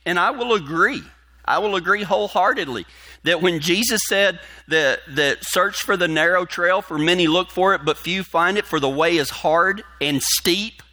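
Bright-voiced folksy preacher. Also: male voice, fairly high pitch, moderate pace. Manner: folksy, animated, cowboy talk. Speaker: pastor. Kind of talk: sermon.

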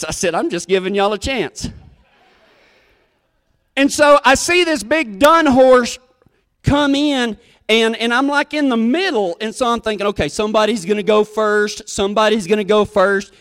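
A man's voice: high-pitched, a bit bright, smooth. A man telling a folksy, self-mocking country story on stage.

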